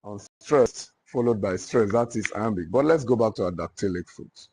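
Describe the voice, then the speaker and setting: A man with a Nigerian accent teaching literature to a class, dictating notes and repeating each phrase slowly. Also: on the low side, expressive, darkish tone, a little hiss or hum. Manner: slow, repetitive dictation.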